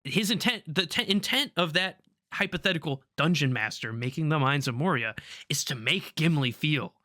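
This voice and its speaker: A young man co-hosting a podcast in casual chat, excitable and swearing freely. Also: fairly high pitch, moderate pace, no room sound, studio quality. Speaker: podcast co-host.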